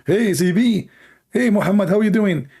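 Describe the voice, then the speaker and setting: A man's voice: sits high, normal speed, warm tone, breathy edge, pitched above the performer's own voice. A man with a heavy-accented voice mimicking an eager man who casually invites a friend along, in a mock-friendly, exaggerated way. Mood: mock-cheerful.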